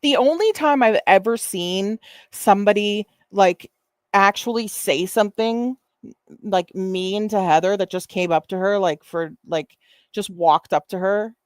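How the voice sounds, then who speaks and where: A woman's voice: mid-range voice, a little slow, no room sound. Woman, stream host, mocking, profane, rambling, dry close sound. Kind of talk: casual stream commentary.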